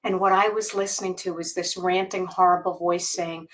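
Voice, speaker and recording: A woman's voice: medium pitch, steady tone, a bit bright. Candid woman telling a personal story. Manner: candid, halting, many fillers and restarts, laughs while telling. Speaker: guest author. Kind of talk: podcast interview, personal storytelling.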